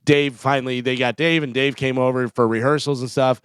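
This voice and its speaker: A man's voice: medium pitch, steady tone, a little fast, fairly bright tone, smooth, dry recording. A man co-hosting a morning radio show, chatty, telling stories about musicians. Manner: chatty storyteller who acts out quotes. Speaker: radio co-host. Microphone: studio microphone.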